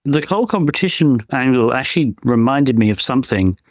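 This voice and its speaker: A man's voice: mid-range voice, lively intonation, brisk, no room sound, clean studio sound. A man co-hosting a podcast in casual chat, giving his opinions as he thinks them through. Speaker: podcast co-host; penetration tester.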